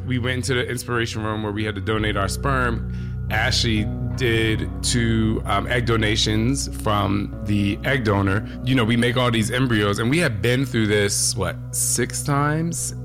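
A man speaking casually as an interview guest, relaxed and a little wry, with some halting restarts. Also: fairly low pitch, over music. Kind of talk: casual conversation.

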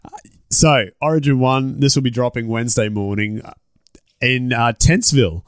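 A man's voice: medium pitch, normal speed, smooth, dry recording. A man with an Australian accent hosting a podcast, laid-back and laughing often, swearing casually. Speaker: podcast host.

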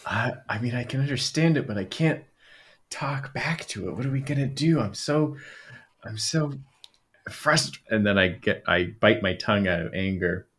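A man playing a tabletop game, speaking in a halting, hesitant way. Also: medium pitch, lively intonation, a bit bright, slightly rough. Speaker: player.

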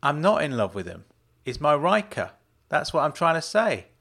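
A man's voice: on the high side, big pitch swings, moderate pace, creaky, a bit bright, pitched above the performer's own voice, heavily acted. A man reading a story aloud, voicing a young woman who protests and pleads that nothing improper happened. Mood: pleading.

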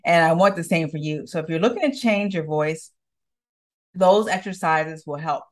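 Woman coaching on voice, lowish pitch. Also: moderate pace. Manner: direct, encouraging, repeats words for emphasis. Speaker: communication coach and podcast host. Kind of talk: coaching monologue.

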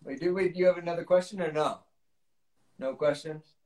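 A man hosting a casual stream whose voice is high for a man. He jokes and teases the others and laughs often. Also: a little mellow. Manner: teasing, quick to laugh. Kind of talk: casual chat on a live music stream.

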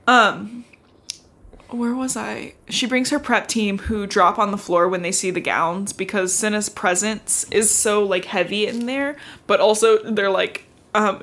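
A young woman co-hosting a podcast, recapping a book in casual chat, full of "like" and quick laughs. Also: medium pitch, fairly even intonation, a bit bright. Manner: chatty recap filled with "like", laughing often. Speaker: podcast co-host.

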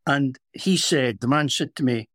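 A middle-aged Scottish man, a former police officer co-hosting a podcast, telling a story in a measured, reflective way. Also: medium pitch, a bit bright, no echo, clean studio sound. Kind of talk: casual storytelling.

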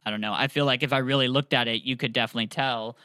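A man's voice: mid-range voice, fairly even intonation, rapid-fire, sharp tone, clean tone, dry recording, rough recording. A man casually retelling a story with many fillers and restarts, then reading passages aloud. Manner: rambling, filler-heavy.

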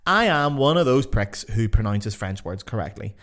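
A man's voice: fairly low pitch, lively intonation, moderate pace, fairly bright tone. Blunt, sweary Northern Irish man. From Northern Ireland. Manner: blunt, sweary and self-mocking. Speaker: podcast host. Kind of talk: casual podcast monologue.

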